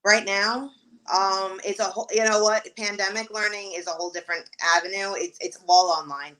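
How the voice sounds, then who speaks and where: Animated New woman telling stories. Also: medium pitch, fairly quick, poor audio. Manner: animated storytelling, exasperated asides. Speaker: real estate agent, guest. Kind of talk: casual interview talk.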